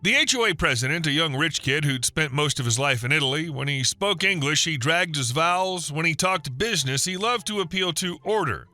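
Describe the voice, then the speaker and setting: A man narrating a scripted first-person story in an even storytelling manner. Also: on the high side, a little fast, hardly any pauses, no room sound.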